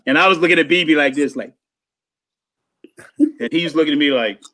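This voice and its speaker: A man telling lively stories in casual chat, imitating drum sounds and voices and laughing often. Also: a little high, fairly quick. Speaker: guest drummer telling stories.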